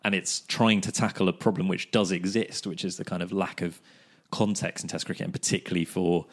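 A man's voice: low-pitched, steady tone, fairly quick. A man co-hosting a casual cricket podcast, chatty and wry, laughing often and thinking aloud with fillers. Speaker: podcast co-host.

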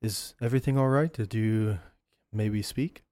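A man's voice: fairly low pitch, measured pace, mellow, no echo, clean studio sound, close to an everyday voice. Man playing a stiff, polite questioner. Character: formal, inquisitive man who keeps a journal.

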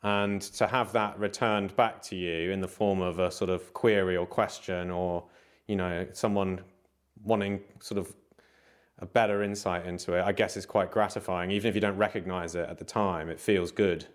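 A man's voice: deep voice, fairly even intonation, normal speed. A man hosting the conversation, reflecting thoughtfully on what his guest says. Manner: reflective, thinks aloud. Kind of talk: conversational interview.

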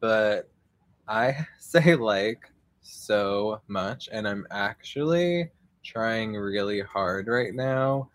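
A young man hosts a live podcast from outdoors, talking in a loose, rambling way, full of fillers and the odd swear. His voice sits fairly low, and he takes his time, drawing out his words at a slow, unhurried pace. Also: expressive, no room sound. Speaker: podcast host. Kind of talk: casual live podcast monologue.

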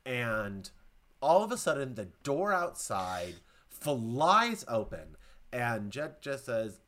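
Brief: male podcast co-host, casual chat, excitable and emotional while recapping. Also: mid-range voice. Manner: gushing, emotional, fast retelling.

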